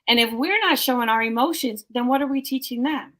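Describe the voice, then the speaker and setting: A woman's voice: high voice, a little fast, a bit bright. A bereaved mother telling her story in a heartfelt, emotional way during a discussion. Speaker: bereaved mother sharing experience.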